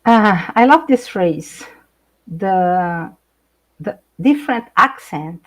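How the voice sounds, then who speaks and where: A middle-aged Brazilian woman speaking English with a Brazilian Portuguese accent, an animated guest in a live video chat who laughs often and searches for words. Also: medium pitch, takes it slowly, low-quality recording. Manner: animated, laughs often, hesitant non-native phrasing. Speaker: guest speaker, intercultural trainer.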